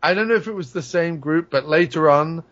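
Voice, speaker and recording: A high-voiced man holds forth in a casual podcast chat, swearing freely and laughing through his own stories. The sound is dull and lo-fi. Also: a little fast, a bit bright. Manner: profane, ranting, laughs while telling stories. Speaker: podcast co-host.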